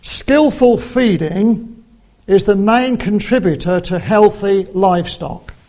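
Male preacher, sermon, high voice, slow deliberate delivery, dull lo-fi sound. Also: mellow. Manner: slow, deliberate, quoting scripture in old English.

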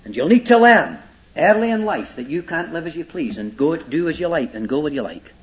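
A man's voice: on the high side, very animated, a little fast. A man teaching a Bible sermon, emphatic, repeating his points and checking that listeners follow. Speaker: preacher. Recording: dull lo-fi old sermon tape.

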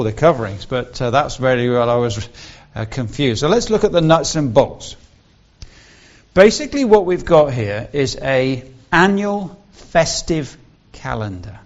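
A man's voice: mid-range voice, highs cut off. A man preaching a Bible-teaching sermon, explaining earnestly and stressing key words.

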